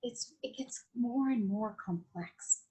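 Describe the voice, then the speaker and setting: A woman with a Latin American Spanish accent speaks in a husky, fairly high voice. She talks as a podcast guest, reflective and flowing, often restarting and circling back with fillers. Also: slow, warm tone, rough recording. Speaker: guest, Vedic astrologer. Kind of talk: conversational podcast interview.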